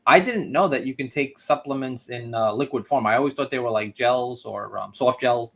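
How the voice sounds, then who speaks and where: A man's voice: medium pitch, normal speed, creaky, a bit bright. A man hosting a casual live-stream interview, chatty and loose, with many "like" and "um" fillers. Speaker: host.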